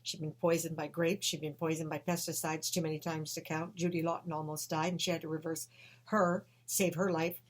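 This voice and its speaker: A woman telling a personal story with emotion, swinging between hushed and loud. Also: low-pitched, flat delivery, a little fast.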